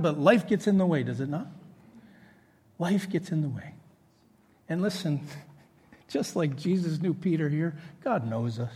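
High-voiced preacher in an echoey hall. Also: male voice, slightly rough. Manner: animated, conversational preaching with jokes and acted quotes. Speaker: pastor. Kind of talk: sermon. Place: church hall with congregation.

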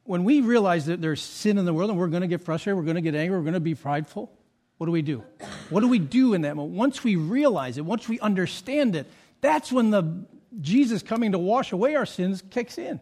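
A male pastor preaching a sermon, telling a personal story with acted quotes and dropping soft and low for confessions. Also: expressive, fairly quick.

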